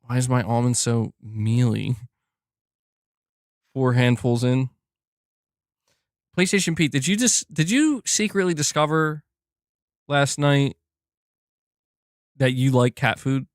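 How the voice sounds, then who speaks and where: A man's voice: medium pitch, animated, slow, long pauses, no echo, clean studio sound. A man hosting a casual livestream, joking, laughing often and rambling as he reads chat. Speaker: livestream host.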